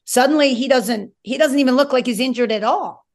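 A woman with a gravelly, fry-edged voice talks sports with a former coach's conviction. Her talk is casual and emphatic, full of rambling asides. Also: sits high, brisk. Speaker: former college coach, guest.

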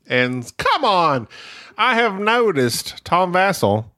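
Jokey podcast man, lively pitch. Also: slow pace. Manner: jokey, punning, laughs often. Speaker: podcast co-host. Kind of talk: casual banter about board games.

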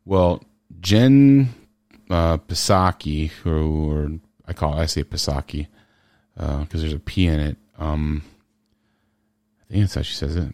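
A podcast host in casual commentary, ranting sarcastically and firing off rhetorical questions. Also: male voice, very deep voice, slow, a little mellow, no echo.

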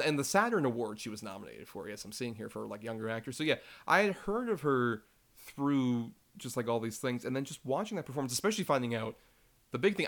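A man co-hosting a casual film podcast, chatty and quick with joking asides. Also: mid-range voice, a bit bright. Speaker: podcast co-host.

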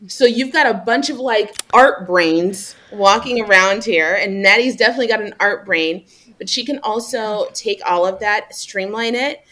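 A woman's voice: medium pitch, moderate pace, pushed and bright. A woman talking in a casual interview about her marketing work, chatty and upbeat with many fillers. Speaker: marketing manager.

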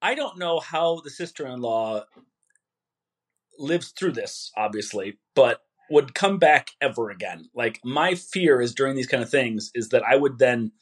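A man co-hosting a podcast, reading a listener's story aloud with lively, dramatic emphasis, then chatting casually. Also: medium pitch.

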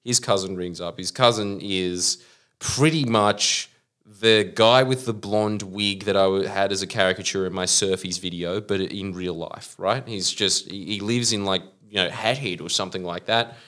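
A young Australian man on a casual podcast, telling a story with lots of swearing and loud acted-out quotes. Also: low-pitched, normal speed. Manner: animated storyteller, swears, acts out quotes in loud put-on voices. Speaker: podcast host.

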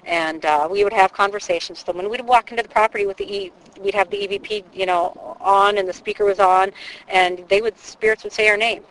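A woman's voice: medium pitch, fairly quick, rough recording. Chatty woman ghost-hunting guide outdoors. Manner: chatty, animated storyteller. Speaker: paranormal investigator guide. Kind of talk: casual explanatory chat. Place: outdoors by a waterfront channel.

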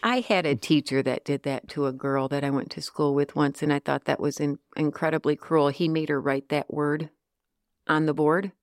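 A woman's voice: low-pitched, steady tone, moderate pace, no room sound, studio quality. A woman co-hosting a podcast who reads Bible passages and chats in an earnest, reflective way, thinking aloud. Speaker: podcast co-host and scripture reader. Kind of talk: casual chat and Bible reading aloud.

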